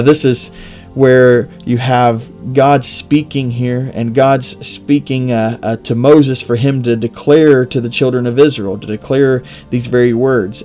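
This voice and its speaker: A man's voice: mid-range voice, a little mellow. Earnest man hosting a devotional. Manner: earnest, emphatic repetition. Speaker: devotional podcast host. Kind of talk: Bible reading and devotional reflection.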